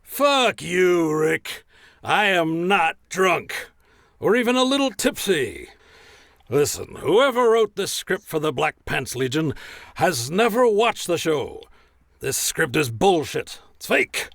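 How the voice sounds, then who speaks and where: Man playing a profane middle-aged arena announcer, gravelly, lively swooping delivery, blustering. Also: on the high side, slow, no echo, studio quality, heavily acted. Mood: ranting. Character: crude hard-drinking male arena announcer, middle-aged. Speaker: announcer recording an ad spot. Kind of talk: comedy skit acting.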